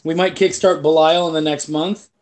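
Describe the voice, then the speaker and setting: High-voiced man telling a story. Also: moderate pace. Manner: animated storyteller who swears freely. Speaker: comic book creator. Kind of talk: casual chat.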